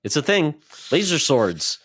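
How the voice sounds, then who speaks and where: A man's voice: fairly high pitch, big pitch swings, measured pace, a bit bright, no echo, studio quality. A man hosting a podcast, chatting casually and animatedly, slipping into mocking impressions. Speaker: podcast host. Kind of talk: casual chat.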